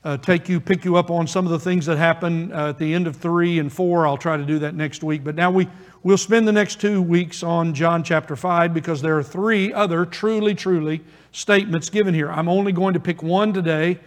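A man preaching a sermon as pastor, earnest and emphatic, with pauses for weight. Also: on the high side, fairly even intonation. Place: church. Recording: long reverb of a church hall.

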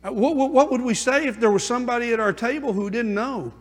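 High-voiced preaching man, reverberant church. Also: quick pace. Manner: preaching, swinging from hushed to emphatic. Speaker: pastor. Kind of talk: sermon. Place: church sanctuary.

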